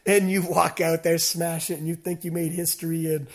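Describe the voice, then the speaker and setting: Guy hosting a podcast, high voice, acts out what people said, swears a lot. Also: moderate pace. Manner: animated storytelling, acts out shouted quotes; swears freely. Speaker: podcast host. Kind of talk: casual chat.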